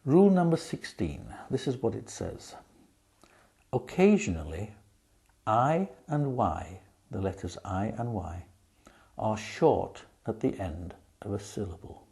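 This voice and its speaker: A man's voice: fairly low pitch, very animated, gravelly, dark tone, husky. A man teaching a spelling lesson, patiently sounding out syllables and words. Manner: patient, drawn-out sound demonstrations.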